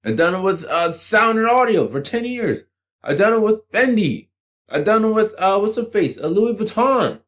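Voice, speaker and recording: A man's voice: sits high, big pitch swings, normal speed, fairly bright tone. A man giving a blunt, combative motivational rant to the camera, swearing freely as he lectures the viewer. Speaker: channel host.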